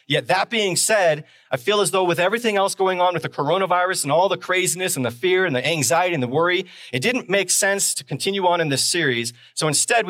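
A man's voice: fairly high pitch, a bit bright, no room sound. A man preaching a sermon as pastor on a live stream, talking conversationally and driving points home with repeated phrases and rhetorical questions.

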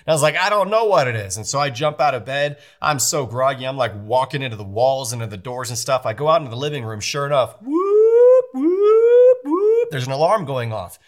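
A male pastor in his thirties tells a comic family story from the pulpit. He is animated and acts out the lines of his wife and children with playful voices. His voice sits at an ordinary, middle pitch. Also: fast, few pauses. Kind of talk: sermon storytelling.

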